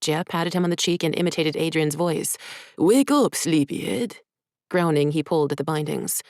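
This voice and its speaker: Woman softly reading her own story. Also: low-pitched, flat delivery, fairly quick, no echo, studio quality. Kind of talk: story narration.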